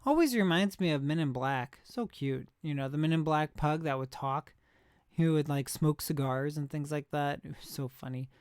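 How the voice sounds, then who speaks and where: A man's voice: fairly high pitch, normal speed, a little mellow, clean tone, no echo, studio quality. A young man live streaming, chatting in a rambling, easygoing way with his viewers and laughing at himself. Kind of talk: casual chat reacting to chat.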